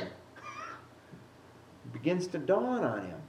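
Animated male pastor teaching in an echoey hall. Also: a little high, moderate pace. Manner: animated, acts out quotes with rising voice. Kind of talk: sermon Bible teaching. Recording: echoey room, mic at a distance.

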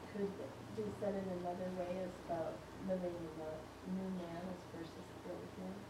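Flat low-voiced woman asking from the pews. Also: fairly quick, very noisy. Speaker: congregation member asking a question. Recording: distant, echoey room, loud ambience.

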